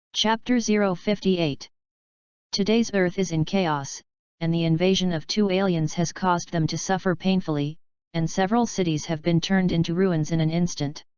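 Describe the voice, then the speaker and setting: A woman narrating a fan fiction audiobook with steady, even reading. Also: fairly low pitch, clear, resonant tone, no room sound, lo-fi sound. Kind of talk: scripted narration.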